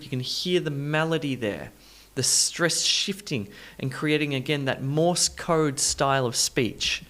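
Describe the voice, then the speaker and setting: A man teaching an online English pronunciation lesson, saying practice sentences slowly and repeating stressed words to the learner in an encouraging way. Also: medium pitch, a bit bright. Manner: encouraging, talks straight to the learner.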